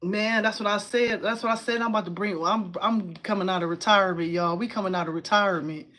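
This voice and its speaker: A woman hosting a casual crafting live stream from home. She talks in an excitable, chatty way, says "y'all" a lot, and answers viewers' comments aloud. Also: mid-range voice, fast. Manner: uses y'all and informal phrasing.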